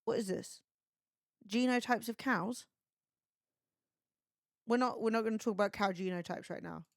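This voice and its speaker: A woman's voice: a little high, normal speed, creaky, dry recording, clean studio sound. A young woman streaming, retelling gossip in a sweary, chatty way. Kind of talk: casual livestream chat.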